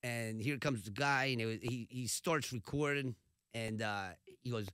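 A man telling stories in a casual chat, animated and laughing, acting out quotes along the way. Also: mid-range voice, normal speed, smooth, no echo, clean studio sound. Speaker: radio host and podcast guest.

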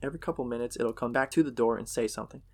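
A man's voice: medium pitch, rapid-fire, creaky. A man casually narrating a horror story in a profane, conversational way.

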